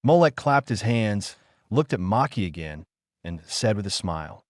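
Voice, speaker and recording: A man's voice: fairly low pitch, very animated, moderate pace, dry recording, clean studio sound. A man narrating an audiobook of a translated novel in a plain reading manner.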